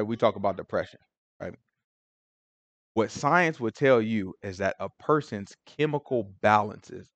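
A man leading a casual Bible study, animated and conversational, full of asides. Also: mid-range voice, dry recording.

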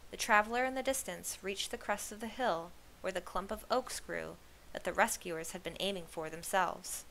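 Bright, forceful woman, reads a novel aloud for her channel, lively storyteller. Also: mid-range voice, moderate pace, vocal fry, slight background noise. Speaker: read-aloud host.

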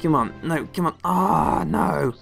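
A man's voice: a little high, lively intonation, takes it slowly, vocal fry, fairly bright tone, faint music behind. A young man from the West Country of England doing let's play commentary, exclaiming and grumbling at the game as he plays. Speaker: gaming video host.

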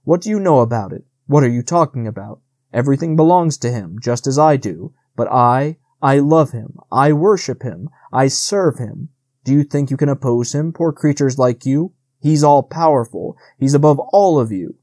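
A man voicing a storybook hound, fanatical and worked up, yelping his lines higher and louder than the telling around him. The sound is dry and close. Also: normal speed, few pauses, dry recording, close to an everyday voice. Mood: exalted. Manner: yelping, frenzied and raised. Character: fanatically devoted male hunting dog.

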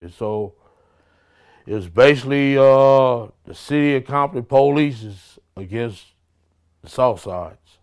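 A man in mid register tells street stories, swearing freely. He acts out what others said with animated, raised delivery. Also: mid-range voice, slow, clean tone. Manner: profane, animated, acts out quoted people loudly. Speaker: interviewee. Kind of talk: street storytelling.

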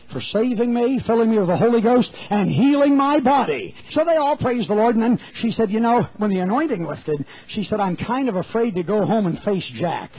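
High-voiced man preaching, husky tone, folksy storyteller, dry phone-like recording. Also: dry recording. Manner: folksy, humorous anecdotes with animated quoted voices. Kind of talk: storytelling sermon.

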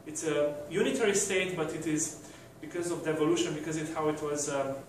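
A man's voice: a little high, brisk, a little hiss or hum. A man giving a university lecture, hesitant, with many fillers and restarts. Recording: very echoey room from far off.

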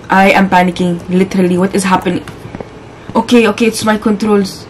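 A woman's voice: mid-range voice, steady tone, normal speed, slight background noise, poor audio. A young woman playing a horror game, talking casually through it and shrieking when startled. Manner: jumpy, shrieks and exclaims when scared. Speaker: gaming YouTuber. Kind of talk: horror game let's play commentary.

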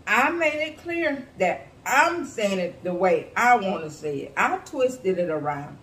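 Sassy animated woman, echoey room. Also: mid-range voice, measured pace, distant mic. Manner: blunt, sassy, profane, animated. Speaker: YouTube reaction commentator. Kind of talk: casual reaction-video commentary. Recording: echoey room with faint hiss.

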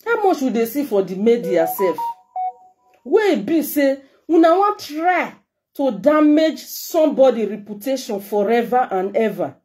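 A woman's voice: on the high side, lively intonation, a little slow, a little mellow. A middle-aged woman with a Nigerian accent, giving a heartfelt, emotional message to her followers as a vlogger. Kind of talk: emotional direct-to-camera message.

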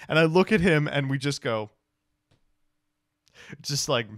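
A man's voice: fairly high pitch, expressive, a little slow, pauses often, no room sound, clean studio sound. A man in his twenties, a law student, telling a rambling, joking, profane travel story. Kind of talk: casual storytelling recap.

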